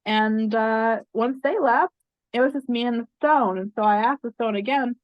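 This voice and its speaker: A woman's voice: a little high, moderate pace, dry recording. A woman guest in an interview, earnestly recounting a spiritual experience and repeating phrases for emphasis. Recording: dry, slightly muffled sound.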